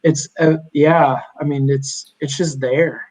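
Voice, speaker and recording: A young man, a podcast guest, chatting casually and telling animated stories with lots of fillers. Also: on the high side, slow, breathy edge, poor audio. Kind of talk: casual chat.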